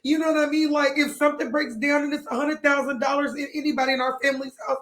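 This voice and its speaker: A woman's voice: sits high, steady tone, fast, few pauses, fairly bright tone. A young woman talking to her viewers on a livestream, tearful with her voice breaking, rambling and pleading. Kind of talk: emotional livestream talk to viewers.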